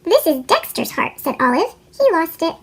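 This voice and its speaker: A woman voicing a brave, kind female dog in a storybook reading, her voice sped up into a chipmunk pitch. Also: sing-song, normal speed. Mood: earnest. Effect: sped-up chipmunk pitch shift.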